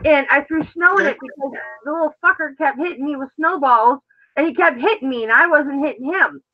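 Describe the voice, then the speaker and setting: Brash high-voiced woman host, lo-fi. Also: brisk. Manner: brash, profane storytelling. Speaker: host of a live show. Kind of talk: casual live chat. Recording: dull lo-fi sound.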